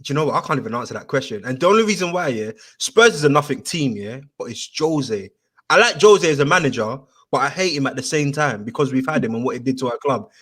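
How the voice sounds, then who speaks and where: A man hosting a casual football chat, telling stories in an animated, slangy way with lots of fillers. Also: mid-range voice, fast.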